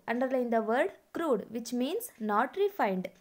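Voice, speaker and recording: A woman's voice: fairly high pitch, big pitch swings. A woman, teaching a class and explaining a poem word by word. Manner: slow, deliberate word-by-word explaining. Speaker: English teacher.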